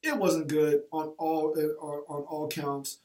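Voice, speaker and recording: A man with a fairly high voice tells a personal story in an animated, slangy way, acting out what people said. He sits back from the mic, so he sounds distant. The room is roomy and echoey. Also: a little slow. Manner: animated, colloquial, reenacts quotes, laughs at own story. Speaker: teacher and former football coach.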